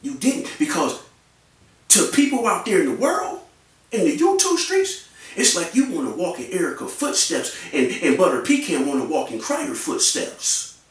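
Brief: fired-up male vlogger, AAVE, lively pitch swings, mic at a distance in a very echoey room. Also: moderate pace. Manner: animated, repetitive, mocking. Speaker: YouTube commentator. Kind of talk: ranting commentary.

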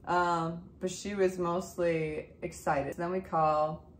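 A woman in her thirties, a mother, telling her family's story in a casual, animated way and acting out the dialogue. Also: on the low side, takes it slowly, echoey room. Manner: emotional, animated retelling with quoted dialogue.

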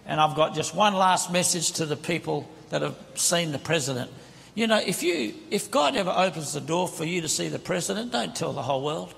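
A man, preaching as a guest from the pulpit, gives an impassioned, conversational sermon on a handheld microphone. His high-leaning voice is creaky and fairly bright, brisk, with lively intonation. It's recorded in a large church sanctuary whose reverberant hall holds a congregation.

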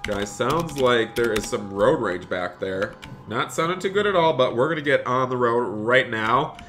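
A man's voice: medium pitch, normal speed, slight background noise. A young man streaming a driving game live, chatting to viewers and gushing with thanks for donations. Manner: excitable, gushing thanks to donors.

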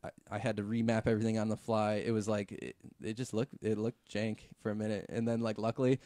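A man's voice: on the low side, fast talker, no echo, studio quality. A man, a visual effects artist, telling a story in a casual podcast chat, full of fillers and swearing. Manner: relaxed, filler-heavy, swears freely.

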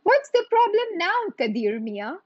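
A woman voicing a rich, bored male nobleman who is quick to get impatient, for a storybook reading. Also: extremely high pitch, big pitch swings, dry recording, highs cut off, pitched above the performer's own voice, full character voice. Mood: haughty. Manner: bored, then quick to anger.

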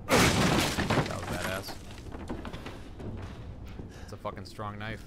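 Excitable swearing young gamer. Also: male voice, fairly low pitch, takes it slowly, gravelly, pauses often, heavy background noise. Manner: excitable, swearing, yelling at the game. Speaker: gaming streamer. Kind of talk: horror game let's play. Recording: loud game music behind voice.

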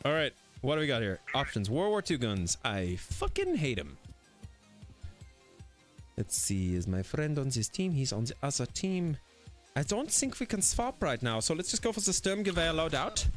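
A man's voice: medium pitch, very animated, normal speed, faint music behind. A man live-streaming a VR shooter, bantering with his chat in a crude, playful way. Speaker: game streamer.

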